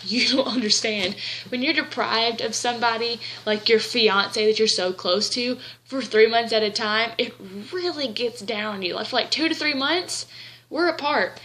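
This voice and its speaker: Chatty bright-voiced woman. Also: on the high side, moderate pace, slight background noise, poor audio. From Southern United States. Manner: chatty, rambling, gushing. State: tearful. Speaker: vlogger. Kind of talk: casual chat to camera.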